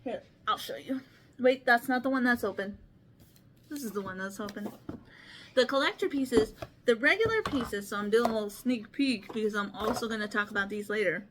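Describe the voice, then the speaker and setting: A woman hosts a casual board game vlog, showing games to the camera while rambling earnestly, laughing often, and slipping into restarts, small stutters, and a lisp. Her voice is fairly high at a moderate pace, with a noisy background.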